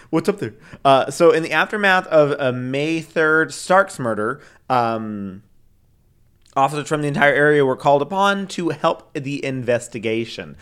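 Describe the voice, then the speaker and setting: A man's voice: fairly high pitch, a little slow, fairly bright tone, clean tone. A man co-hosting a casual true-crime podcast, reading case details between rambling asides with lots of fillers. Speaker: podcast co-host.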